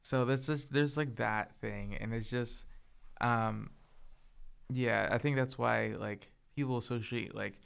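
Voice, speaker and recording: A soft-spoken young man co-hosting a casual podcast chat, talking hesitantly with lots of filler words. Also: medium pitch, measured pace, creaky, clean tone. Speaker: podcast co-host.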